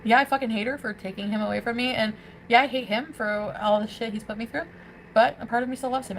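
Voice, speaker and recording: A woman's voice: a little high, fast talker, vocal fry, a little hiss or hum, low-quality recording. A drunk woman vlogger rambling emotionally and profanely during a late-night live stream.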